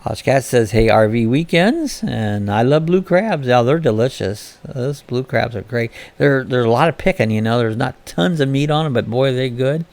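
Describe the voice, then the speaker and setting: A man's voice: medium pitch, expressive, moderate pace, creaky, few pauses, a little mellow. A man from Florida hosting a casual live-stream chat, reading viewers' comments aloud and answering them in a chatty way.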